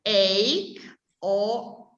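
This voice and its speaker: A woman teaching an adult English class, explaining slowly and carefully with many pauses. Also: medium pitch, fairly bright tone, roomy sound, dull audio. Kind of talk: adult language lesson.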